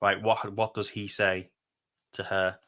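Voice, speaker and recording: A man's voice: on the low side, little pitch movement, a little slow, bright, forceful tone. A man co-hosting a podcast, chatting casually and rambling through retellings with frequent laughs. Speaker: podcast co-host. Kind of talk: casual chat.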